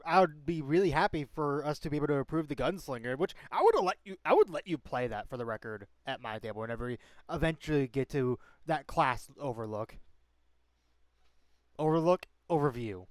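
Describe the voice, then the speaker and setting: Clear-voiced rambling male stream host. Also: fairly high pitch, expressive, brisk, no echo. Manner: rambling, full of fillers and restarts. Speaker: stream host and game master. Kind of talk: casual stream chat.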